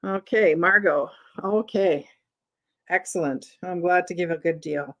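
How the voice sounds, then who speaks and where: A middle-aged woman hosts a live online vintage sale, talking at a slow, unhurried pace. She chats with her viewers as she calls out prices and lot numbers one after another. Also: lowish voice, highs cut off. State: has the hiccups.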